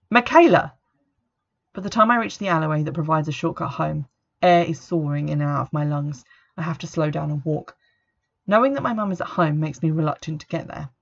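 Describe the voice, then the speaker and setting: A woman reading a first-person story as narrator, in a steady, even manner, on a dull lo-fi recording. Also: deep voice, creaky. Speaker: audiobook narrator.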